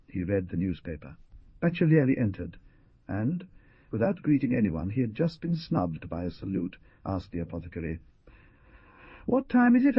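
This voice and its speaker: A man narrating an audiobook novel with expressive storytelling. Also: lowish voice, breathy edge, dry recording, dull audio. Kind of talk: scripted narration.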